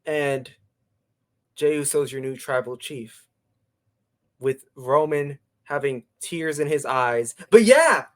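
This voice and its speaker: A young man co-hosting a casual podcast chat, excitable and jumping his voice up when he acts out moments. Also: slow, pauses often. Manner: excitable, jumps pitch to act out moments. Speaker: co-host.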